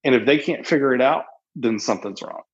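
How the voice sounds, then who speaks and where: A man's voice: medium pitch, quick pace, highs cut off. A man on a podcast, chatting casually and telling stories with lots of fillers and restarts. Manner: rambling, animated storytelling with many fillers.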